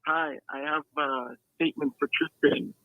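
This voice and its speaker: A man's voice: fairly high pitch, little pitch movement, normal speed. A man calling in to a live show, making a dry complaint. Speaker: caller. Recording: muffled phone line.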